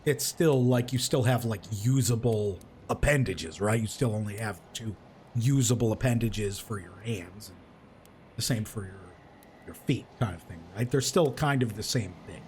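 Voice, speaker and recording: A man's voice: fairly low pitch, moderate pace, a little mellow, a little hiss or hum. A man running a tabletop game as game master, narrating casually with lots of fillers and restarts.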